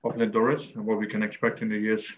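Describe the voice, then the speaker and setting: A man's voice: on the low side, monotone, fairly quick, a little hiss or hum. A man with a Dutch accent hosts a virtual tasting over a video call, talking hesitantly with many fillers. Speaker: host. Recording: dull lo-fi video call audio.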